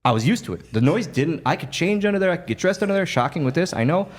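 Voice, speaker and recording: A man and former wrestler telling a story as a podcast guest, animated and full of restarts and laughs. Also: fairly high pitch, quick pace. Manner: animated, lively retelling with many restarts and laughs. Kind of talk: casual storytelling.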